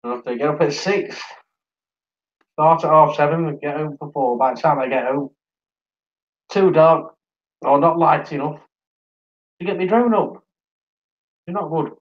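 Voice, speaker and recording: A tired livestream host from Sheffield, England, with a Yorkshire accent, chats casually, reads out viewer comments and laughs often. His voice is fairly high and unhurried, with frequent pauses, and the recording sounds muffled.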